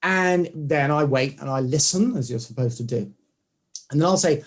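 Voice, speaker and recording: A man being interviewed, telling stories in a lively conversational way and acting out what other people said. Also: fairly high pitch, moderate pace. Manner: animated storytelling, acts out quoted voices. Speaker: guest, orthodontic clinician.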